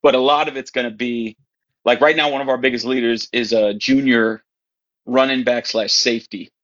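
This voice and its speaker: A man's voice: mid-range voice, fairly even intonation, normal speed, fairly bright tone, dull audio. Wry male coach telling stories. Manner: wry anecdotes, acts out voices of players. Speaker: podcast guest, high school football coach. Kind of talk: casual storytelling chat.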